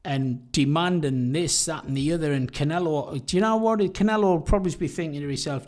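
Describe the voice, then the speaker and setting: A man's voice: fairly high pitch, brisk, few pauses, darkish tone. A man co-hosting a boxing podcast, talking casually and often trailing off and restarting mid-thought. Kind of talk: casual debate.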